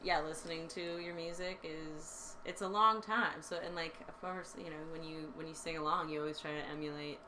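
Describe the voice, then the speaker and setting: A young woman hosting a relaxed podcast chat, her voice bright and a touch lower than most. She laughs easily and talks in loose, filler-heavy runs. A faint hiss sits behind her. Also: fairly quick, few pauses. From born in Texas. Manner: giggly, many fillers, playful. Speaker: podcast host. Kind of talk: casual chat.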